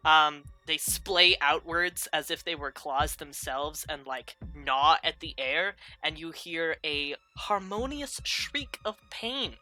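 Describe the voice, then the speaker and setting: A woman's voice: sits low, lively intonation, slow pace, few pauses, sharp tone, soft background music, rough recording. A young adult woman narrating a tabletop game as game master, rambling with many fillers and laughs.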